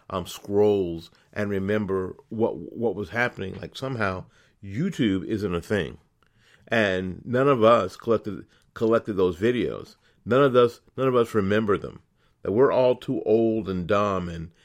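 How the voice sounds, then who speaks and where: Indignant low-voiced male commentator. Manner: indignant, emphatic, with rhetorical questions and repeated words. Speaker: podcast host. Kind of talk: political commentary monologue.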